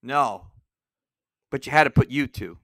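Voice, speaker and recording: A man hosting a podcast alone, delivering an angry, profane rant that bursts into shouting. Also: mid-range voice, measured pace, dry recording, studio quality. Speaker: podcast host. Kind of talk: solo ranting podcast.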